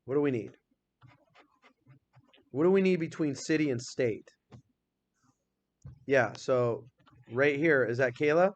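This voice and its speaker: A male teacher leading a grammar lesson in a classroom, upbeat and energetic, firing questions at the class and reading example sentences out slowly. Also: medium pitch.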